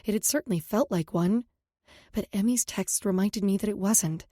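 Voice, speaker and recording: A woman's voice: mid-range voice, normal speed, mellow, no room sound. A woman narrating a first-person romance audiobook in an emotive, intimate storytelling manner, recorded on a close studio mic.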